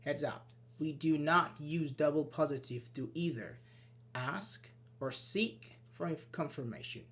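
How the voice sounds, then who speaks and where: A man giving an online English grammar lesson, explaining step by step and acting out short sample dialogues. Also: unhurried. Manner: explains with many "for example"s and acted-out sample dialogues; lively, switches pitch when voicing example sentences. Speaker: English teacher.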